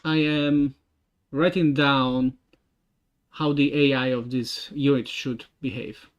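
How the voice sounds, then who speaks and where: A young man with an Italian accent, a game developer thinking aloud while he works, halting with many fillers and restarts. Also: mid-range voice, steady tone. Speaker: game developer streaming his work. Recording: dull lo-fi stream audio.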